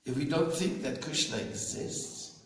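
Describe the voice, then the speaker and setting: A man, a spiritual teacher, giving a slow devotional talk to an audience and often asking them questions. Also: fairly high pitch, far from the mic, slight background noise. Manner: slow, conversational, asks listeners questions. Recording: very echoey room, faint ambience.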